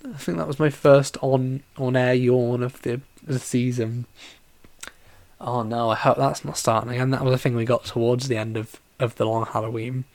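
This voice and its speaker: Gravelly, rambling solo podcast host. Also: mid-range voice, level tone, moderate pace, darkish tone, no echo. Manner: rambling, heavy use of "like" fillers and restarts. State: tired and yawning. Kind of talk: casual solo podcast chat about a film.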